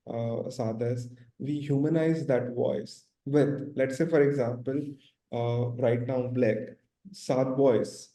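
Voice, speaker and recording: A man in a business discussion, speaking halting non-native English with many fillers. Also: medium pitch, mellow. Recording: roomy echo.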